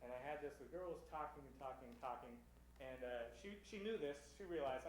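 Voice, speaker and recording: A man's voice: medium pitch, animated, a little fast. A man hosting a comedy show, telling self-deprecating dating stories on stage and acting out both sides. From Seattle area. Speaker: stand-up comedian and show host. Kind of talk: stand-up comedy set. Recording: roomy club sound, faint hum.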